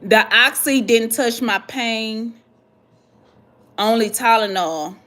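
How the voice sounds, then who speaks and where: A woman hosting a vlog, chatting casually and reading viewer comments, animated and dramatic with slangy asides. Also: a little high, takes it slowly. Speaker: vlog host answering viewer questions.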